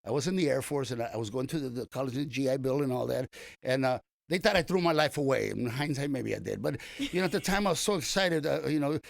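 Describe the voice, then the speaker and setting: A man's voice: medium pitch, expressive, quick pace, creaky, no room sound. Rambling older man telling stories. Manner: rambling, many restarts and fillers. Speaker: comedian guest. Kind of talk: casual storytelling interview.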